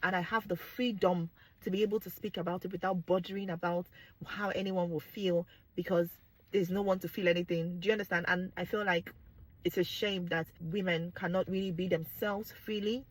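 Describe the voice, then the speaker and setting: Young adult Nigerian woman, husky voice, frank and animated direct-to-camera talk. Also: on the low side, a little fast, poor audio. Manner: animated, exclaims and laughs, drops into pidgin. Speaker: vlogger.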